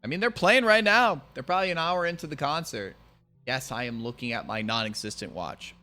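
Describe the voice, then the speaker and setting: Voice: mid-range voice, a little fast, pushed and bright. A streamer chatting casually during a speedrun, swearing now and then and breaking into joking song. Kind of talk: casual chat while speedrunning. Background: game music.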